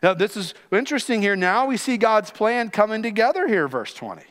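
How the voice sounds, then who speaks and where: Emphatic preacher in a reverberant hall. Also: male voice, high-pitched, very animated, a little fast, a bit bright. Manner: emphatic, teaching, acts out quoted scenes. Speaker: pastor. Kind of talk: sermon.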